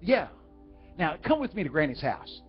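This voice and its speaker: Over faint music in a dull lo-fi recording, a man from Texas delivers a sermon through homespun stories at a moderate pace. His voice is husky, sing-song and on the high side, and he addresses the crowd with questions.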